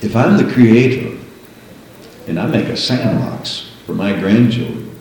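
An older man preaching in a very echoey church sanctuary, with a faint hum of room ambience behind him. He teaches slowly and deliberately, then lifts into chanted, drawn-out prayers and sung praises. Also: fairly low pitch, animated, a little mellow. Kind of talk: sermon.

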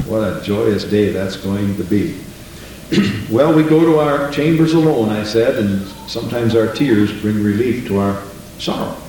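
A man's voice: mid-range voice, a little mellow, slight background noise. Male pastor, folksy preacher, heard from a distance in a very echoey church with faint room ambience. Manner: folksy, conversational preaching with rhetorical questions. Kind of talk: sermon. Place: church sanctuary.

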